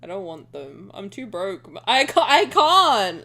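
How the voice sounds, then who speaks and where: A woman streamer chatting casually and excitably with her viewers, rambling and swearing now and then. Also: mid-range voice, a little slow. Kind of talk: casual live-stream chat.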